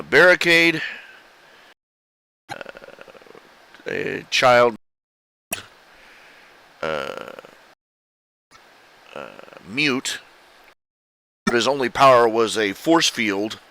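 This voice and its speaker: Middle-aged man, lowish bright voice, halting casual artist commentary. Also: low-quality recording. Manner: halting, full of "uh" fillers. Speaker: artist showing his commissions.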